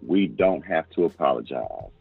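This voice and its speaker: A man in casual chat, agreeing loudly and laughing along. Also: a bass voice, very animated, moderate pace, creaky, husky, no echo, faint music behind. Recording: dry, phone-like sound.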